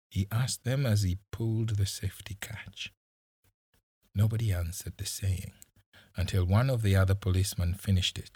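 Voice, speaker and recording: A man reading a story aloud with measured, dramatic narration and a husky voice. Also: low-pitched, steady tone, a little mellow, no echo, clean studio sound. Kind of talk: audiobook narration.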